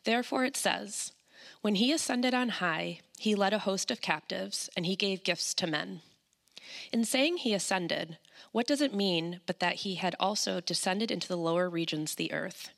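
A woman reading a scripture passage aloud in a church service, slow and measured. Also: mid-range voice, vocal fry, fairly bright tone. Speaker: scripture reader.

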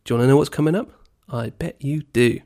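A man's voice: medium pitch, fast talker, gravelly, mellow. A man hosting a casual podcast, rambling and teasing his co-host, on a poor-quality home mic. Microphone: poor-quality home microphone.

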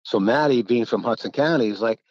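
A man's voice: medium pitch, brisk, dry recording. A middle-aged man, a former college basketball player, telling rambling anecdotes in casual conversation, laughing often and acting out quotes. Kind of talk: casual storytelling. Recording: dull lo-fi, dry.

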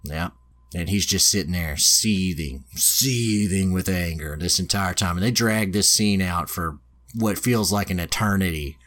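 A man's voice: low-pitched, unhurried, fairly bright tone. A man on a podcast, casually retelling an anime plot in a loose, profane way. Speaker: podcast host.

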